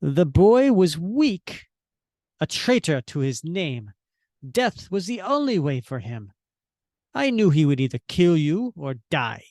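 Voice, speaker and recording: A man's voice: fairly high pitch, very animated, slow pace, darkish tone, dry recording, studio quality, voice pushed up, heavily acted. A man reading the lines of a cold, villainous male cyborg scientist, breaking his words with mechanical stutters. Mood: cold, gloating.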